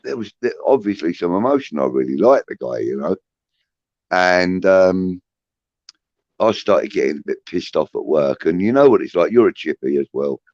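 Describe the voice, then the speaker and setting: A man's voice: low-pitched, very animated, moderate pace, a little mellow, dry recording, muffled recording. A man hosting a casual livestream, rambling with many restarts and swearing, reading out chat comments. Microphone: phone.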